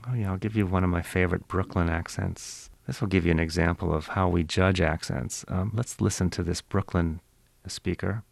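Deep gravelly guy lecturing about accent recordings, dry sound. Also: fairly even intonation, normal speed, no echo. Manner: explanatory, lecturing. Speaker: accent archive expert. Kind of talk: interview explanation.

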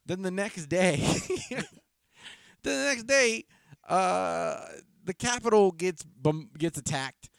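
A man's voice: high voice, animated, slow, vocal fry, clear, resonant tone, no room sound, studio quality. A man co-hosting a casual comedy podcast, telling long rambling stories with restarts and laughs. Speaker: podcast co-host. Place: podcast studio.

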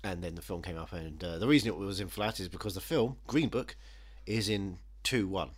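A man hosting a podcast, chatting casually with animated, sardonic rants. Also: deep voice, brisk, husky. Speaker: podcast host. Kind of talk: casual chat.

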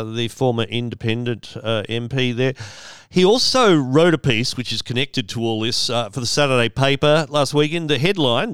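A man's voice: medium pitch, fairly bright tone, clean tone, dry recording, studio quality. A man hosting a solo podcast, talking in a chatty, wry way with rambling asides. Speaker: podcast host.

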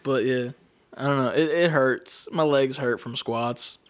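A man's voice: mid-range voice, a little slow. A young man chatting casually as a podcast co-host, rambling with lots of fillers and swearing. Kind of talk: casual chat.

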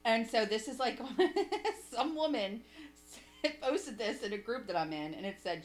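A woman's voice: on the high side, big pitch swings, normal speed. A woman co-hosting a casual comedic chat, profane and laughing often, breaking into mocking impressions. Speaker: podcast co-host.

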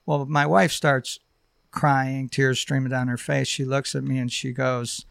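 A middle-aged man sharing a personal testimony on a podcast, halting and heartfelt, with many fillers. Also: medium pitch, flat delivery, vocal fry, a bit bright, smooth, no room sound. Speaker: podcast guest.

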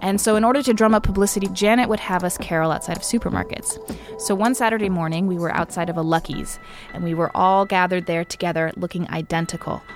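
Wry young woman telling her story. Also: lowish voice. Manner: lively, wry, laughs easily. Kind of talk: conversational storytelling. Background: background music score.

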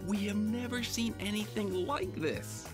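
A man narrating a children's Bible story video in a put-on American accent, lively and playful. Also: medium pitch, normal speed, pitched below the performer's own voice. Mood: upbeat. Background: background music.

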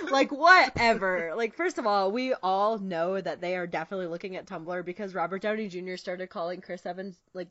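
A young woman in casual fan chat, talking quickly and giggling between thoughts. Her voice sits in a middling range, sounds dry and close, and has a slightly dull, lo-fi tone. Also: medium pitch, a bit bright, dry recording. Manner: giggly, quick, gushing fan talk with many fillers.

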